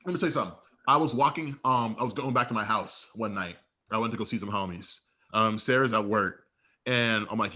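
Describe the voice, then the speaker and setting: A man's voice: on the low side, a little fast, sharp tone. A young man co-hosting a podcast, telling stories in casual, slangy, profane chat with acted-out dialogue. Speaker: podcast co-host.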